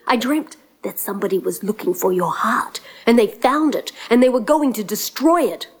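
A woman's voice: a little high, moderate pace, slightly rough. A woman voicing a lazy, nosy young prince who talks casually with many "like"s, in a storybook telling over guitar music. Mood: wheedling. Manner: casual, hesitant, filler-heavy with "like". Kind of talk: storybook voice acting.

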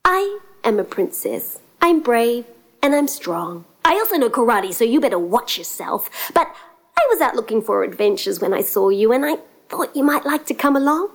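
A woman storyteller voicing a brave, confident young princess who speaks briskly, with guitar music behind. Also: fairly high pitch, sing-song. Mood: bold.

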